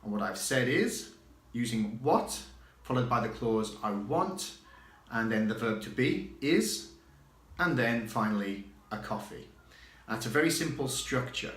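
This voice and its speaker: A man teaching an English exam grammar lesson from his home study, chatty and repeating example phrases slowly for learners. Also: medium pitch, lively intonation, a bit bright. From Catalonia, living there. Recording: echoey room.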